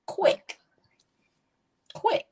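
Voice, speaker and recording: A woman's voice: extremely slow, darkish tone. A woman co-hosting a live podcast, talking sassy and emphatic in casual banter. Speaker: co-host.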